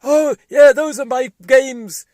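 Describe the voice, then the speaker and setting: A man voicing a boastful politician puppet in a loud, slow, gloating voice. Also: extremely high pitch, no room sound, studio quality, voice pushed up.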